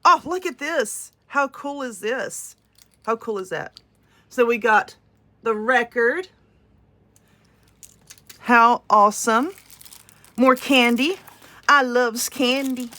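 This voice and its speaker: A woman's voice: fairly high pitch, animated, slow pace, long pauses, pushed and bright. A woman with a Southern US accent, gushing and exclaiming as she unboxes crafting goods in a casual vlog. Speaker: crafting vlogger. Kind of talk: excited unboxing chat.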